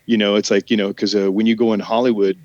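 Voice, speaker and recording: A man's voice: lowish voice, level tone, fast talker, darkish tone, no room sound, highs cut off. A man with a Southern American drawl, an actor guest talking in a casual podcast interview, rambling with many restarts and trailing sentences.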